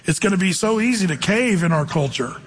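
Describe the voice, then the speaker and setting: A male pastor with a high, slightly husky voice, teaching through scripture in a relaxed, conversational way. He slows down for the readings and drifts into stories. A long reverb trails his words, as in a large hall. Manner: conversational, tells anecdotes, reads scripture slowly.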